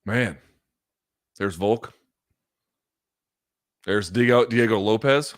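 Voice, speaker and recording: A man hosting a live fight watchalong, going from loud excited outbursts to quiet, emotional reflection, with plenty of swearing. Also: fairly low pitch, slow. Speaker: host. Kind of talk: live fight reaction commentary.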